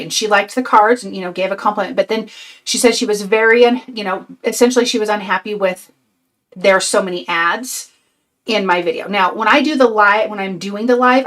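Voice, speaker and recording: A woman's voice: medium pitch, a bit bright. An older woman hosting a casual live craft stream, chatty and sweet, sounding tired and a bit out of breath. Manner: chatty, reads out viewer comments, sweet and upbeat. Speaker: craft channel host.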